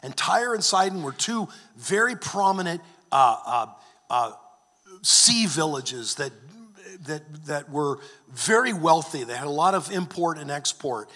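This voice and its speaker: A man's voice: fairly high pitch, animated, unhurried, sharp tone. A man preaching a sermon, earnest, often restarting and repeating words. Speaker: pastor. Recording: long hall reverb.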